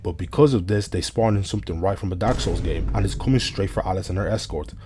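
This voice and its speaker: A man's voice: low voice, fast, dark tone, slight background noise. A man narrating an anime recap in a casual, comedic commentary style, full of slang and joking asides to the viewer.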